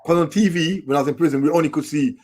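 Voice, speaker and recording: A middle-aged Englishman with a fairly high, rapid-fire voice appears as a guest in an interview. A documentary filmmaker, he tells his stories animatedly in casual street slang.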